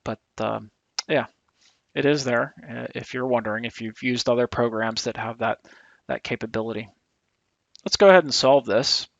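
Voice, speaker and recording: A man's voice: mid-range voice, normal speed, creaky, no echo. Male instructor talking through a screen tutorial in an easygoing, slightly tired way, with a dry, muffled sound. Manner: relaxed, thinking aloud with fillers and restarts. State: a little tired.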